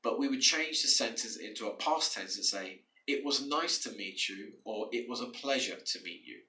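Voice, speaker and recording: Bright-voiced teacher in echoey room. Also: male voice, medium pitch, animated, moderate pace, distant mic. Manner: patient, repeats words and restarts phrases. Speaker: English teacher. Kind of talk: explaining to learners. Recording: echoey room, away from the mic.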